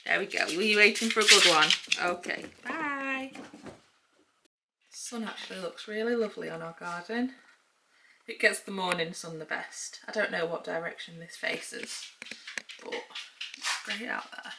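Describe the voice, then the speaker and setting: A woman's voice: mid-range voice, moderate pace, vocal fry, long pauses, background noise. A young woman, chatting casually to camera in her vlog, upbeat and a bit breathless. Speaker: vlogger.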